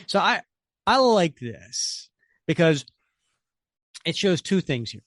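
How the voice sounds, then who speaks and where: A man's voice: medium pitch, measured pace, no room sound, studio quality. A man co-hosting a comic book podcast, describing panels with enthusiasm. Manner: enthusiastic, animated. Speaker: podcast co-host. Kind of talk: comic book review chat.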